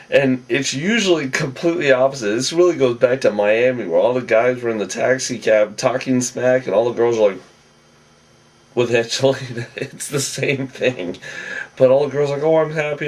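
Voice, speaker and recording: A man recapping a TV episode in a casual, rambling way, his voice lower and huskier than usual, like a late night radio host. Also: far from the mic. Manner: rambling and chatty, wanders off topic.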